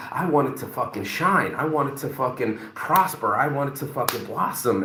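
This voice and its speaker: A man's voice: mid-range voice, fairly bright tone, reverberant, a little hiss or hum, low-quality recording. A man in his forties giving a rambling motivational talk, full of swearing and filler words. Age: 40s. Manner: rambling, profane, many fillers. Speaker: motivational vlogger. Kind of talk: casual motivational monologue.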